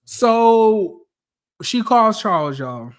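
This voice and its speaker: A man's voice: sits high, very slow. Chatty man recapping reality TV. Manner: chatty, animated, addresses viewers directly. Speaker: reality TV commentator. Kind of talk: casual recap commentary.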